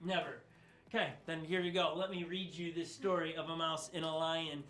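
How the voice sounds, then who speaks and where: A man's voice: fairly high pitch, flat delivery, normal speed, fairly bright tone, reverberant. A man giving a casual, chatty sermon as pastor, joking with his audience. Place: church stage.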